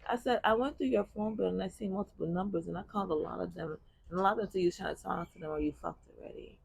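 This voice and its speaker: Husky woman telling a blunt story. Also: fairly low pitch, fast talker. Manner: blunt, profane, animated retelling with bursts of laughter. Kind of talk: casual story time chat.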